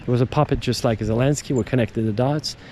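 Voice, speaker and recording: Rambling man with a mellow voice. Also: mid-range voice, fast talker, slight background noise. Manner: digressive, emphatic, repeats words and restarts sentences. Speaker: podcast host. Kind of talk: casual rambling monologue.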